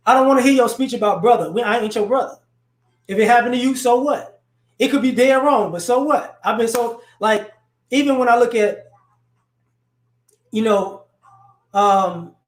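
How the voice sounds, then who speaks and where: A man hosting a live stream, giving blunt, confrontational social commentary off the cuff, rambling and repeating words as he builds each point. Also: sits high. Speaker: livestream host. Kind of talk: unscripted social commentary rant. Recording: roomy echo.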